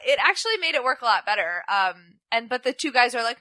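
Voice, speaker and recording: Young woman podcast co-host, animated storyteller, bright tone, dry close sound. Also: fairly high pitch, brisk, no echo. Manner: animated storytelling, acts out quotes in playful voices. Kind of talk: casual chat recapping wrestling.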